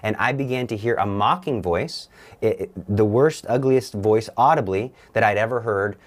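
Young man, low voice, earnest testimony, halting delivery with frequent restarts. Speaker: guest. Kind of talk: personal testimony.

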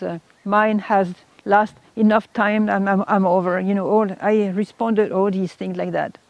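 A middle-aged woman telling an emotional personal testimony, halting and repeating words, her voice rising when she quotes others. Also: mid-range voice, darkish tone, no echo. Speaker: speaker giving a testimony. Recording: dull lo-fi recording.

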